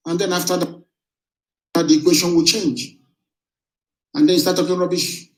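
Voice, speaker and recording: A man's voice: sits high, fairly even intonation, normal speed, pauses often, darkish tone. A man delivers a defiant, combative address in a slightly raised voice. The sound carries a roomy echo, as if spoken in a bare room. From southeastern Nigeria. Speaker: movement leader. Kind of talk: broadcast political address.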